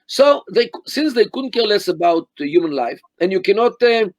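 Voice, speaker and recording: An older man talks as an interview guest over a video call. He speaks in a fairly high voice, stressing words deliberately and often restarting his phrases. The sound is close and dry, with no room echo. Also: big pitch swings. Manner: deliberate, emphatic, many restarts and fillers. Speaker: interview guest, Middle East scholar.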